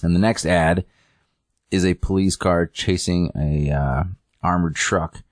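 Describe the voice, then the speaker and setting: A man's voice: low voice, fairly even intonation, a little slow, no room sound, clean studio sound. A man casually recapping a comic in a rambling chat, full of fillers, acting out the characters' lines. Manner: rambling, filler-heavy, acts out quotes.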